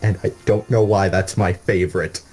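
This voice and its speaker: Low guy excitedly explaining stuff, swears a bit, quiet music behind. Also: moderate pace. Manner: excitable, swears, animated retelling. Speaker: co-host. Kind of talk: casual comedic storytelling. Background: faint background music.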